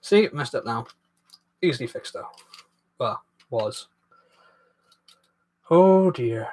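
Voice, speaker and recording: A man's voice: mid-range voice, animated, slow, a little mellow. A man hosting a casual live stream while building a toy set, rambling and self-deprecating as he reads viewer comments aloud.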